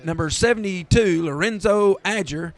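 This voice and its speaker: A man with a Southern American accent calling a high school football game play by play, easygoing and given to correcting himself. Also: normal speed. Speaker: play-by-play announcer.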